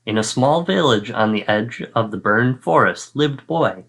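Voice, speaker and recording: A man, a fourth-grade teacher, reads a children's picture book aloud. His storytelling is slow and deliberate. His pitch rises and falls lively through each line. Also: creaky, husky. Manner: expressive storytelling, acting out sound effects.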